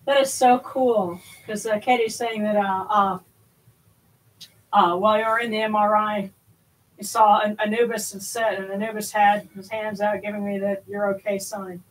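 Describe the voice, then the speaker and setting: A woman, husky and a bit out of breath, hosts a casual livestream. She rambles warmly through fillers and restarts at a middling pitch. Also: fairly even intonation, moderate pace. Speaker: host of a spiritual livestream.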